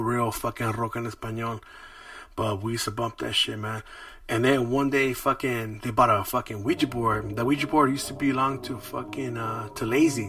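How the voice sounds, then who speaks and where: A man's voice: medium pitch, no echo. A man hosting a podcast, telling stories in casual, profane street slang. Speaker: podcast host. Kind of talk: casual storytelling. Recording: distant mic with loud music behind.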